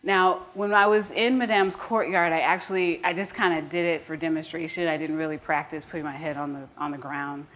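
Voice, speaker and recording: American woman storyteller, lowish voice, earnest with audience asides, live stage. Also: fairly even intonation, brisk, hardly any pauses, a little hiss or hum. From United States. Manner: earnest and warm-humored, with frequent restarts and asides to the audience.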